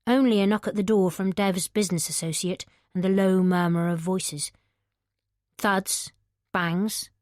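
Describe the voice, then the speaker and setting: A woman narrating a psychological thriller audiobook in a measured, tense manner. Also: medium pitch, steady tone, darkish tone, no echo, clean studio sound. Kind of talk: scripted narration.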